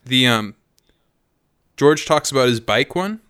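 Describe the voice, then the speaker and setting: A man's voice: medium pitch, lively intonation, measured pace, a bit bright, clear, resonant tone. A man co-hosting a podcast, making laid-back, profane comments in casual chat. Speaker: podcast co-host.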